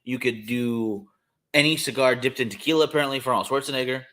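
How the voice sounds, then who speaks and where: A man's voice: medium pitch, quick pace, a bit bright. A man co-hosting a podcast in a casual chat, rambling and enthusiastic, with many fillers. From California. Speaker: podcast co-host.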